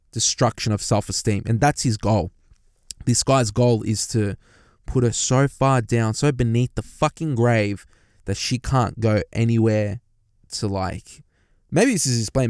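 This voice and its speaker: In a parked car, a young commentator reacts to a story with a profane, heated rant, his lowish voice animated and full of swearing as he addresses listeners directly. There's no echo, and the audio is studio quality.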